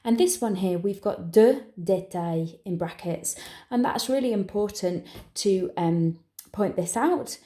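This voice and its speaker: A woman with an English accent teaching, who explains each step clearly and patiently and slows down for the phrases she models. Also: medium pitch, dark tone, reverberant. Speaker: language teacher. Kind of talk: exam preparation tutorial.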